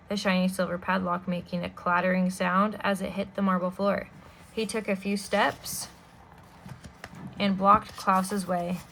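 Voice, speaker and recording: A woman reading a children's novel aloud as a storyteller, steady and expressive, with small asides to the listener. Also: medium pitch, creaky, poor audio.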